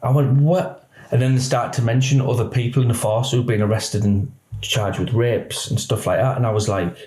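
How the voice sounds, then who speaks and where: A man, a retired police officer telling a personal story in halting speech that often quotes others. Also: mid-range voice, fairly even intonation, a little mellow. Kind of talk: emotional personal account. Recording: roomy echo.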